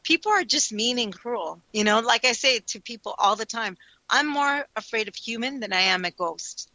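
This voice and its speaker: A woman co-hosting a talk radio show tells stories in an animated, expressive way. Her voice is bright and high, and it swings widely in pitch. The recording is dry and close, with a dull lo-fi tone. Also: normal speed, no room sound. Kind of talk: casual chat.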